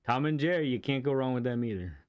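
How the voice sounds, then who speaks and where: A man's voice: medium pitch, animated, fast talker, smooth, lo-fi sound. Chatty man rambling enthusiastically on a stream. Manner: rambling and enthusiastic, with frequent restarts and laughs. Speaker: game streamer. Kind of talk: casual livestream chat while playing a racing game.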